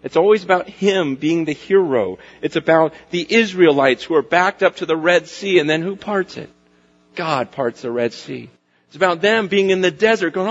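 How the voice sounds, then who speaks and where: A man preaching a sermon as pastor, animated, acting out the voices of people and God in quotes. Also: high voice, normal speed, soft background music. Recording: dull lo-fi recording.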